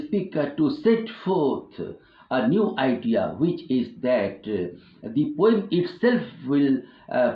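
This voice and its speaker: A man from India, an English professor giving an online lecture on poetry, halting often with fillers and restarts. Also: mid-range voice. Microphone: online class recording. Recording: roomy, phone-like lo-fi audio.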